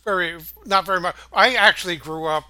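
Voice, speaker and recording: A man hosting the show, chatting casually and pausing often on fillers. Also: sits high, pushed and bright, a little hiss or hum. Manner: halting, many filler pauses. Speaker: host. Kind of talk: casual chat.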